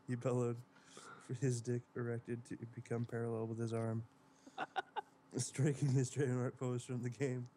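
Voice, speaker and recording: A man's voice: mid-range voice, mellow, slight background noise. A man reading a silly story aloud to friends, giggling as he goes. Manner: giggling through the lines. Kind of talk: comedic dramatic reading among friends.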